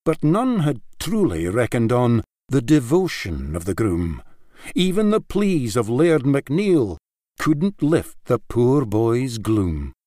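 A man narrating a rhyming story with an expressive, lilting verse delivery. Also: mid-range voice, slow, no echo, studio quality.

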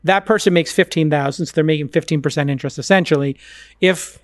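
A man hosting a podcast in casual chat, telling animated, rambling stories. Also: a little high, fast, no room sound. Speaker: podcast host.

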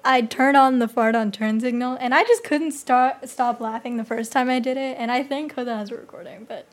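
A young woman with a high-pitched voice chats casually as a podcast co-host. She tells goofy anecdotes in an animated way. The recording has a slight echo from the small room. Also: brisk. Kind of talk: casual chat.

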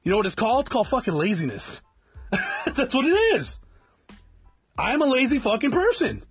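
A very high-pitched, husky man in his forties from South Tucson, Arizona, lectures his viewers bluntly and swears constantly. His pitch swings widely as he rants, and faint music plays behind him. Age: 40s. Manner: addresses viewers as guys. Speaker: vlogger. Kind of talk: profane motivational rant.

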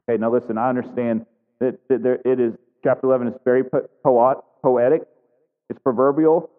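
A man's voice: mid-range voice, flat delivery, fairly quick. A man preaching a sermon in a conversational way, often asking his congregation questions. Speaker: pastor. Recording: tinny phone-like sound, long reverb in a hall.

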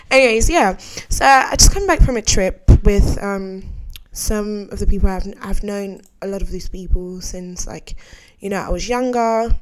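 A young adult woman hosting a podcast in casual chat, candid and heartfelt, full of slang and "like"s. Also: mid-range voice. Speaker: podcast host.

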